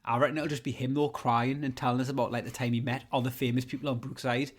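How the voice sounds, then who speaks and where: A man of middle pitch co-hosts a comedy podcast. He banters casually, swears freely and laughs at his own jokes. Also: flat delivery, fast. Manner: joking, sweary, laughs often. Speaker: podcast co-host.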